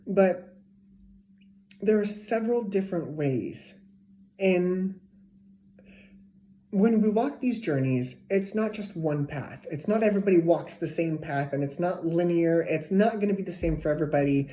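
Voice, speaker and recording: A woman with a slightly low, mellow voice reads tarot cards for a zodiac sign in a loose, chatty way. She repeats herself, restarts her sentences, and sometimes drops to a hushed whisper. The recording sounds like a bare, echoey room. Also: lively intonation, measured pace. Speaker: tarot reader. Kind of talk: casual tarot reading. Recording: echoey room with faint noise.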